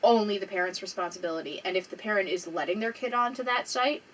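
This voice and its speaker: A young adult woman with a medium-pitched, fairly bright voice talks fast in a casual vlog for her small YouTube audience. She rambles emotionally, swears often, and fights back tears. The mic sits slightly distant, with faint background noise.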